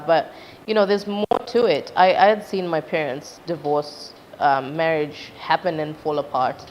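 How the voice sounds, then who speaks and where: In a low voice at normal speed, a young Zimbabwean singer chats in a casual interview. She animatedly tells her own story, taking on her parents' voices when quoting them, and the recording sounds dull and lo-fi with faint noise in the background.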